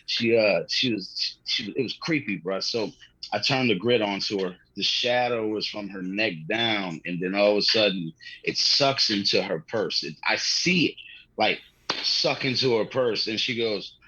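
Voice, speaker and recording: Male comedian guest, husky low voice, loose slangy storyteller. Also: measured pace, bright, forceful tone, dry recording, lo-fi sound. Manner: rambling, slangy, swears, laughs often. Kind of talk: casual podcast storytelling.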